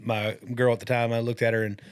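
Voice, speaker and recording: Fast-talking man spinning yarns. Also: medium pitch, clean tone, no room sound, clean studio sound. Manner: rambling, animated, laughs at own jokes. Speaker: podcast guest. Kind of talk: casual storytelling.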